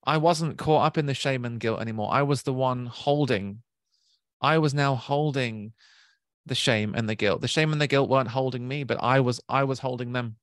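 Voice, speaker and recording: A man giving a reflective spiritual talk, speaking slowly and gently, searching for words and often restarting. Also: medium pitch, no echo, clean studio sound. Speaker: spiritual teacher.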